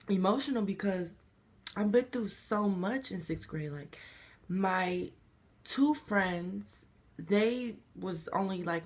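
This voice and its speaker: A young man telling his story in an emotional, rambling confessional vlog. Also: high-pitched. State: crying. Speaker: vlogger.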